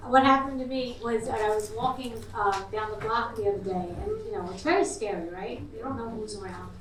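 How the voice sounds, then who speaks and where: A middle-aged woman hosting and doing brash, conversational stand-up comedy, teasing the crowd, in a comedy club recorded from a distant mic with a loud audience. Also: a little high, expressive, fairly quick, roomy sound, noisy background.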